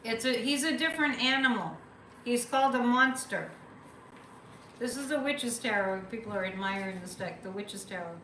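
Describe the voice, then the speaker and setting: A woman's voice: fairly high pitch, moderate pace, bright, forceful tone, reverberant, a little hiss or hum, poor audio. A woman hosting a psychic livestream, chatting casually, reading viewer comments and repeating phrases for emphasis.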